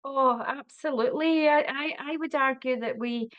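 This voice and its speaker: Earnest woman with a fairly high voice. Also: normal speed, lo-fi sound. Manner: warm, earnest, with many fillers and restarts. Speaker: wellbeing guest. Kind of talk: casual conversation.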